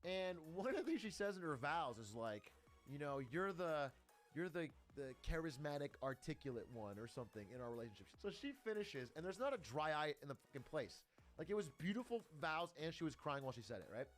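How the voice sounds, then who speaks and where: Animated young man telling a story. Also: fairly high pitch, fast talker, soft background music. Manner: animated, swears often, laughs between lines. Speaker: streamer. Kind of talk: casual storytelling on a livestream.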